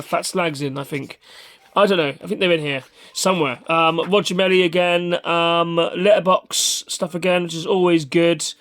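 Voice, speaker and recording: Chatty man, slightly high voice. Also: gravelly, fairly bright tone. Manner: chatty, off-hand, lots of ums and mild swearing. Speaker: vlog host. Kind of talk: casual rambling review.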